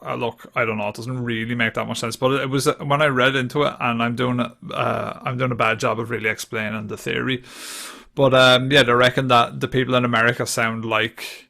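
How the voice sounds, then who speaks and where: Gravelly-voiced man chatting. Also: mid-range voice, flat delivery, fairly quick, sharp tone. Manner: rambling, swears, laughs a lot. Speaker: podcast co-host. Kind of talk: casual chat.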